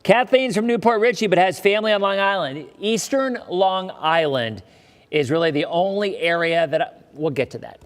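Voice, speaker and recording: A man's voice: high voice, animated, moderate pace, long reverb tail. A man hosting a live weather forecast, talking in a chatty way with joking asides to his viewers.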